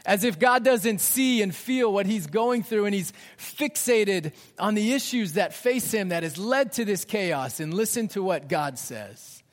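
High-voiced pastor preaching in a reverberant hall. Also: male voice, lively intonation, a little slow, hardly any pauses. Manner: dynamic, drops to hushed near-whispers for emphasis. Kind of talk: sermon.

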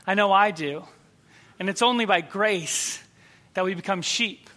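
A man preaching a sermon, telling a story and acting out the people in it, dropping to a soft, quiet voice for tender moments. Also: sits high, a little slow. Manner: storytelling, acts out quoted voices. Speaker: pastor.

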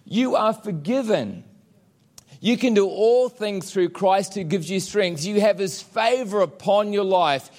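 A man preaching a sermon, declaring promises emphatically and pausing for effect. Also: high voice, darkish tone. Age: adult with children. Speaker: pastor.

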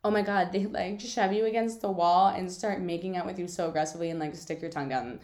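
A woman's voice: lowish voice, steady tone, quick pace, a little mellow, reverberant. A young woman hosting her own podcast, chatting casually and telling stories with lots of fillers and giggles. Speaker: podcast host. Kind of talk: casual solo podcast chat.

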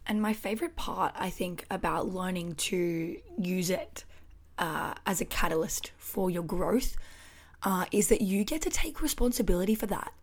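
A woman's voice: fairly low pitch, normal speed. A woman in her twenties with an Australian accent, talking candidly and expressively alone on her podcast, swearing freely, recorded on a microphone at home. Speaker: podcast host. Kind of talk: casual solo podcast monologue. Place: her house.

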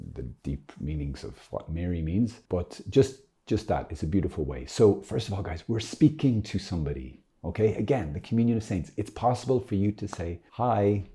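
Very deep, dark-voiced Catholic speaker. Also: male voice. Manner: chatty and playful, with laughs and self-corrections. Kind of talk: casual religious teaching talk.

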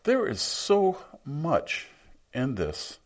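A man's voice: on the high side, wildly swooping pitch, extremely slow. A man preaching a sermon, reading scripture aloud and reflecting on it in a musing way.

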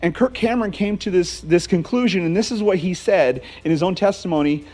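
A man's voice: high-pitched, fairly quick, hardly any pauses, darkish tone, soft background music. A man preaching a conversational radio sermon, earnest and full of restarts. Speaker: teaching pastor.

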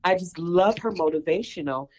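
A woman's voice: fairly low pitch, moderate pace, darkish tone, low-quality recording. A woman runner being interviewed on a podcast, talking effusively and emotionally and breaking into exclamations like "woo" and "ooh.". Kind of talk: conversational interview.

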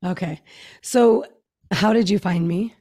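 A woman hosting a podcast, asking questions in a relaxed way with hesitant fillers. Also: mid-range voice, a little slow. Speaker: podcast host. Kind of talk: casual interview.

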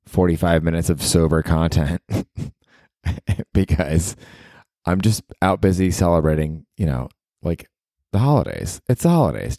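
A man's voice: very deep voice, darkish tone, no echo, studio quality. A man in his forties hosting a solo comedy podcast, rambling with lots of likes and you knows. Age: 40s. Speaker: podcast host.

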